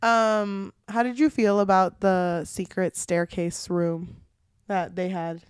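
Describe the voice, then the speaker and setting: A woman's voice: medium pitch, little pitch movement, slow pace, clear, resonant tone, no echo, studio quality. A woman co-hosting a book podcast in casual chat, swearing freely and retelling scenes with quoted lines. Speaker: podcast co-host.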